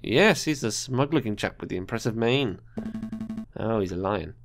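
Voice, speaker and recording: Casting: noble falcon attorney, low-key and gravelly, played by a man, game voice. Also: expressive, moderate pace, music in the background. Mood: measured. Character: dignified male falcon lawyer.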